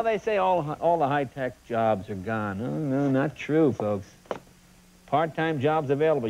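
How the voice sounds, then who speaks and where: A man hosting a talk show, running a comedic monologue of joke headlines with animated punchlines and asides to the audience. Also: on the high side, lo-fi sound. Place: TV studio stage. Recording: TV studio with audience laughter and noise. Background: studio audience laughter.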